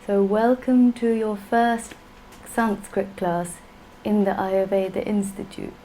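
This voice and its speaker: Slow-speaking woman teaching a class. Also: mid-range voice, little pitch movement, dark tone, slight background noise, low-quality recording. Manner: patient, playful, often laughing. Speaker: Sanskrit teacher. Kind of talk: classroom lesson.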